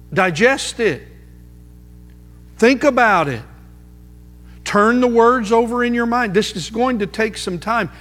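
A man preaching a sermon, emphatic, slowing down to repeat key phrases for weight. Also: sits high, a bit bright. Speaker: pastor. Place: church sanctuary. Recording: music under voice, long hall reverb.

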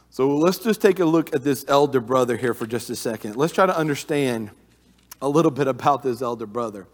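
A man's voice: mid-range voice, moderate pace. A man preaching a sermon in an earnest manner, often restarting his sentences with filler uhs. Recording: long reverb of a large hall.

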